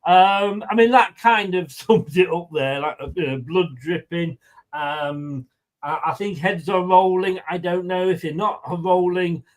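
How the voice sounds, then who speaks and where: A man hosting a casual fan live stream. He chats loosely with plenty of fillers and reads viewer comments aloud, his voice sitting a little high. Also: measured pace. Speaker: fan channel co-host.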